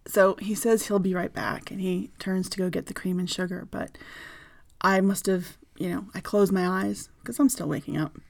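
A woman telling an intimate personal story in a soft, slow voice that often drops into a breathy whisper. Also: mid-range voice, fairly even intonation.

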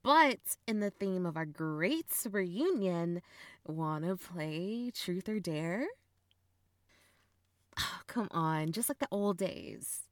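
A woman's voice: lowish voice, expressive, takes it slowly, dry recording, clean studio sound. A young woman playing a blunt, teasing older sister in an audio role-play, swearing freely and laughing often. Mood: playful.

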